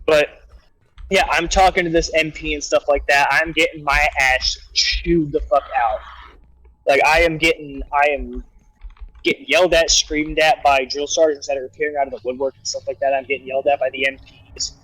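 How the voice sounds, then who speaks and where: A man's voice: fairly high pitch, normal speed, poor audio. A man casually telling profane, rambling stories about his time as a soldier on a livestream. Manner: animated, profane, rambling with restarts. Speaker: guest storyteller, soldier.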